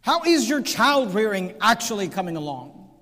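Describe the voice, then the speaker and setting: A man with a notably high voice preaches a sermon, reading scripture and driving his points with rising emphasis. His voice rings with the long reverb of a large hall. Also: sing-song, moderate pace, fairly bright tone. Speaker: pastor.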